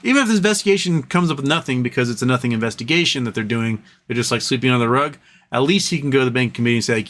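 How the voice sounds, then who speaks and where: A man's voice: mid-range voice, very fast, fairly bright tone. A man hosting a casual livestream, reading chat messages aloud and answering them in an earnest, rambling way with frequent restarts.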